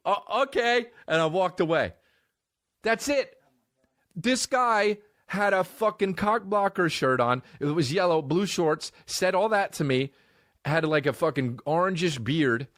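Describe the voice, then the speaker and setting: Swearing freely and acting out everyone else's dialogue, a male comedian spins an animated story in a chatty way. His voice sits high, and the studio-quality recording has no echo.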